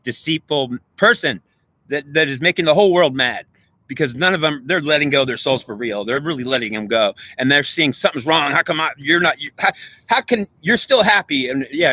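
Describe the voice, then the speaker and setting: A man's voice: fairly high pitch, pushed and bright, no room sound. A man ranting in an agitated, preachy monologue, repeating himself and lecturing.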